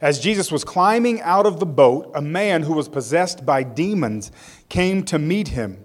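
A man's voice: on the high side, animated, moderate pace. A male pastor preaching a sermon. He reads scripture aloud, tells it as a story with casual asides, and leads a prayer.

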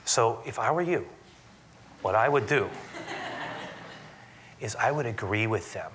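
A man voicing a nervous royal messenger who gives quiet, confiding advice in a low, hushed voice. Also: expressive, a little slow, background noise, lightly acted.

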